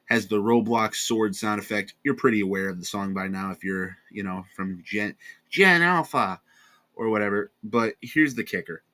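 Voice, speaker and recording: A tired young man with an American accent rambles through a casual commentary, sarcastic and quick to correct himself. His voice sits a little low but sounds bright and forceful. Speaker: commentary channel host.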